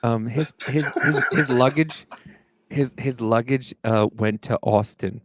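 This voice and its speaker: A man co-hosting a casual chat, telling a story in an animated, swearing way and acting out angry quotes. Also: mid-range voice, unhurried, no echo. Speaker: podcast co-host.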